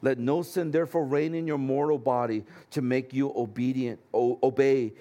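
Pastor guy preaching, chatty and earnest, mid-pitched voice. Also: steady tone, moderate pace, warm tone. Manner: earnest, conversational preaching with humorous asides. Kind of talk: sermon.

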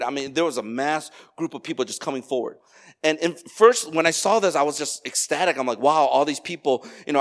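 High-voiced man preaching with energy. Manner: energetic preaching with repeated lists and personal stories. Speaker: pastor. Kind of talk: sermon.

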